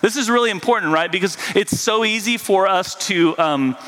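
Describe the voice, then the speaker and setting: A man's voice: high-pitched, normal speed, fairly bright tone. A man preaching a casual, conversational sermon in a church, chatty and full of "like" and "right?". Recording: long hall reverb.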